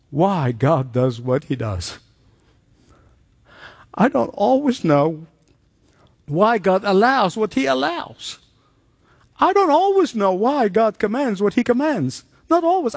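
A man preaching a sermon, telling stories with animated delivery and acting out the voices of the people in them. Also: very high-pitched, no room sound, studio quality. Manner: animated storytelling, acts out quoted voices.

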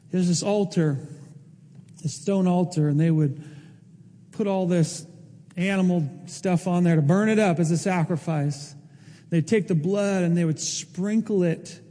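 A man's voice: high-pitched, mellow. A male pastor preaching a sermon in an earnest, emotional way, rising to emphatic peaks. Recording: long hall reverb.

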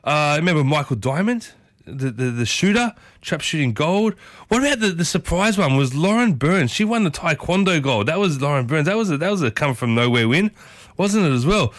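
A man's voice: fairly high pitch, big pitch swings, a little fast, no room sound, clean studio sound. A man with an Australian accent hosting a morning community radio show, chatting enthusiastically and rambling through his memories. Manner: enthusiastic, rambling, reminiscing with lots of asides. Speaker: breakfast radio host. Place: radio studio.

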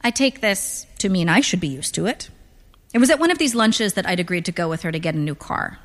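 A woman narrating first-person literary fiction in a dry, deadpan manner. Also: fairly low pitch, a little fast. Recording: long reverb.

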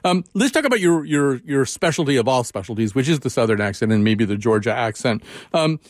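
A man's voice: medium pitch, sing-song, brisk, no echo, clean studio sound. A man in his sixties hosting a radio interview, talking conversationally with frequent fillers and restarts. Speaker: radio show host.

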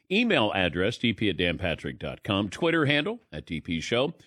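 Brisk man hosting sports radio. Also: lowish voice, a bit bright, dry recording, studio quality. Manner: brisk rundown, wry asides. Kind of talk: sports talk show rundown.

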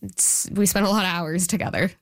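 A woman's voice: mid-range voice, fairly even intonation, a little fast, dry recording, studio quality. A woman journalist being interviewed, talking casually with frequent restarts and quoted speech. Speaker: journalist guest. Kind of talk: interview conversation.

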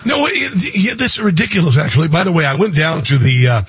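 A man hosting a political talk show, agreeing readily and chuckling between quick interjections. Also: a little high, expressive, heavy background noise. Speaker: radio talk show host.

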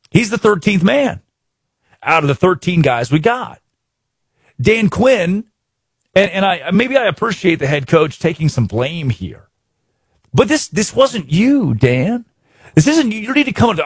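A man hosting a sports talk show, giving excitable commentary in bursts full of repeats and restarts. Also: on the high side, normal speed, pauses often, breathy edge, no echo, clean studio sound.

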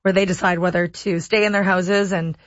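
A woman's voice: on the low side, flat delivery, a little fast, dry recording, dull audio. A woman co-hosting a radio show in casual, playful chat. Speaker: radio host. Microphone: studio microphone.

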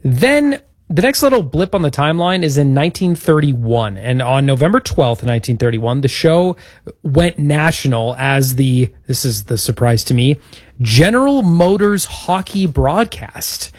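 A man's voice: on the high side, animated, measured pace, no room sound. Podcast co-host, male, upbeat history recounting, dry close mic. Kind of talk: casual chat.

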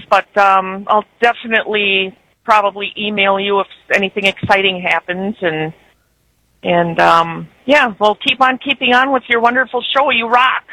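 A woman's voice: mid-range voice, pushed and bright, no room sound, rough recording. A woman from Wisconsin with an Upper Midwest accent, calling in to a radio show and chatting in a rambling way. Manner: chatty, rambling, with frequent fillers. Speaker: caller, truck driver. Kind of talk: casual phone-in chat.

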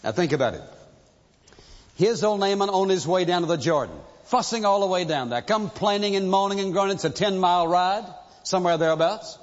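A pastor preaching a sermon, telling a story with emphasis and asking rhetorical questions, in a dull, echoing recording from a large church hall. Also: male voice, high-pitched, lively intonation, brisk.

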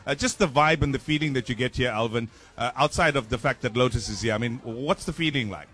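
A man's voice: mid-range voice, fast, a bit bright. A man hosting a live breakfast radio show, joking and chatting while he tastes food. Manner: jokey, playful, talking while tasting food. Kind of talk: live outdoor radio broadcast chat.

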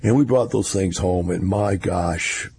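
Older man, low gravelly voice, folksy rambling monologue. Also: unhurried, darkish tone, a little hiss or hum. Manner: rambling, folksy storyteller with wry laughs. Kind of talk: casual monologue.

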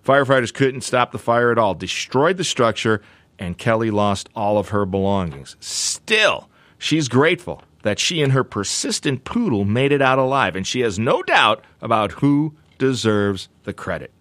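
A man hosting a radio talk show, telling a story in a playful, animated way. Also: medium pitch, normal speed, no room sound. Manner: animated, playful, does silly voices.

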